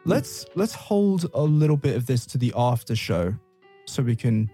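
A man with a Northern English accent co-hosting a podcast, upbeat and quick to laugh. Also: mid-range voice, big pitch swings, mellow, faint music behind. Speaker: podcast co-host, English teacher. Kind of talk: casual podcast chat.

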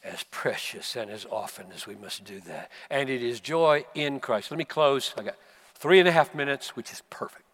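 A man in his seventies with an American accent, preaching a sermon at a conference and swinging from low, quiet stretches up to emphatic, passionate peaks. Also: normal speed, in a large hall. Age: 70s. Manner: impassioned, surging to emphatic peaks then dropping low. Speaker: pastor. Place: conference hall.

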